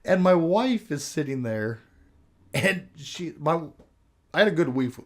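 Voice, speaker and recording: A man's voice: a little high, lively intonation, a little slow. An older man and show host telling a story in casual chat, laughing often as he goes. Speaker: podcast host.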